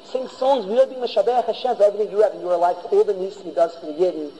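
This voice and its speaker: A man's voice: sits high, fairly even intonation, racing, mellow, a little hiss or hum. A man teaching a Torah class as a rabbi, emphatic, often repeating and restarting his phrases. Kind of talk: Torah lecture. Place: yeshiva hall. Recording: long reverb of a large hall.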